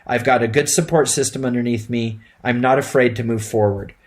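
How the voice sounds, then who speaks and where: A man's voice: medium pitch, steady tone, brisk. A middle-aged man giving an instructional lecture to emergency medical students, speaking plainly and conversationally with frequent fillers. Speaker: EMT instructor.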